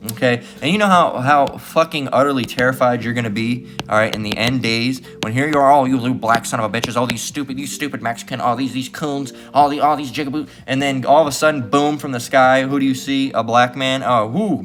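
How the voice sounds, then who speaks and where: A man's voice: medium pitch, fairly bright tone. A man preaching scripture in a combative, profane tone, repeatedly asking "all right?" and "guess what". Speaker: street-style preacher.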